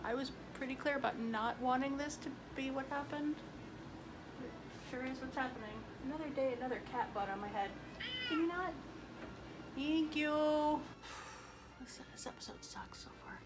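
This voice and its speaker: A woman's voice: high-pitched, a little fast, background noise. A woman hosting a casual cooking vlog in her home kitchen, chatty and self-mocking, laughing often. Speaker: cooking show host.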